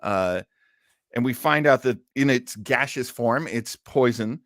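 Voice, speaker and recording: A man co-hosting a casual review podcast, animated, his voice jumping high when he is surprised. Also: a little slow, no echo. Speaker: podcast co-host.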